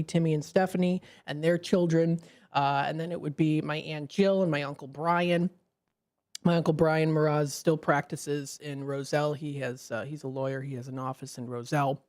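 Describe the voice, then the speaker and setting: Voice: mid-range voice, a little mellow. A radio host, chatting on a live call-in show from a studio microphone, rambling with many fillers and restarts.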